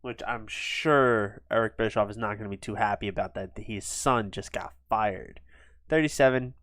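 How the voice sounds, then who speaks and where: A man giving quick, offhand casual commentary on a wrestling sim game, with fillers. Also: fairly low pitch, a bit bright, no echo. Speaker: gaming video host.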